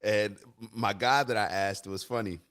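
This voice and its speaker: A man's voice: fairly low pitch, steady tone, moderate pace, a bit bright. A man hosting a live stream, talking casually and giving his opinions, often repeating and restarting his phrases.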